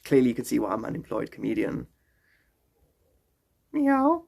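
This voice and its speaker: A man's voice: lowish voice, racing, creaky, dark tone, breathy edge. A man chatting casually on a phone live stream, rambling and joking, often slipping into silly voices.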